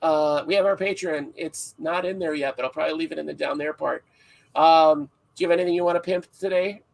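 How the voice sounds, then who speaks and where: A man's voice: on the high side, steady tone, a little fast, vocal fry, rough recording. A man hosting a casual livestream podcast, rambling and joking with frequent laughs, sounding tired. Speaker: podcast host.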